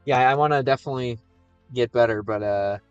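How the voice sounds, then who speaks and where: A man's voice: mid-range voice, a little fast, clean tone, highs cut off, faint music behind. An American man livestreaming and chatting casually with viewers, reading their questions aloud. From United States.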